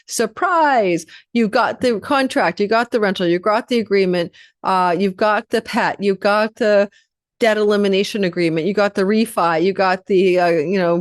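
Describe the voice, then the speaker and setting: A woman's voice: mid-range voice, dry recording, clean studio sound. A woman astrologer giving a casual monthly horoscope forecast, chatty and rambling, often correcting herself mid-sentence.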